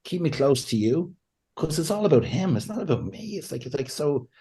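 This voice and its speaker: A man, a pastor and counselor, talking as a podcast guest in a lively way, often laughing and acting out what people say. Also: on the high side, fairly quick. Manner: animated, laughs often, acts out quotes. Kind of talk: conversational podcast interview.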